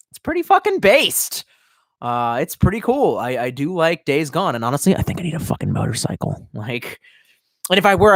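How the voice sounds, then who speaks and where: A man's voice: on the high side, dry recording, studio quality. A young man ranting casually to his live chat, profane and rambling. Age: young adult. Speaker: live streamer.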